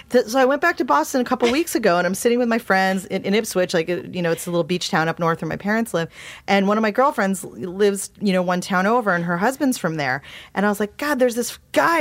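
A woman from Massachusetts, a podcast guest telling stories in casual chat and acting out quotes in a high voice. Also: no echo. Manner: animated storyteller, acts out quotes in a high voice.

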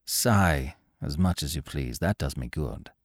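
Storybook role: a man doing a grim male spirit, murmuring low and sinister, dry close sound. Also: animated, no echo, full character voice. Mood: sulky. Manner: sulky, sinister, drawn-out. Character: gloomy male spirit urging suicide, sly and grim.

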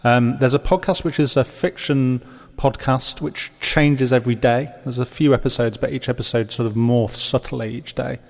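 A man's voice: mid-range voice, fairly even intonation, moderate pace, vocal fry, darkish tone. A man, the podcast's producer, talking in a mild, understated way. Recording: roomy long reverb.

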